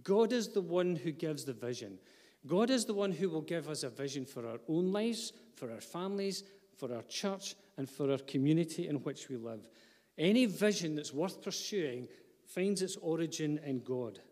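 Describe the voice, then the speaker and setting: A man's voice: a little high, lively intonation, moderate pace, darkish tone, long reverb tail. A man, preaching a sermon as pastor, earnest, with light asides to the congregation. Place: church hall.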